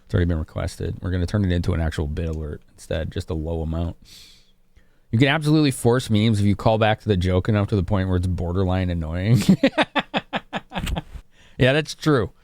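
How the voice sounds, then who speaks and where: A man's voice: low-pitched, fairly quick, darkish tone, no room sound. A man from Chicago streaming a game live, chatting casually with his viewers. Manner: casual, chatty, laughing with chat.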